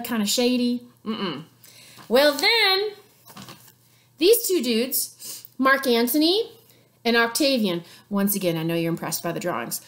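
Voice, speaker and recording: Woman teacher, playful history lesson, sarcastic asides, high voice, very lively pitch. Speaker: sixth grade teacher.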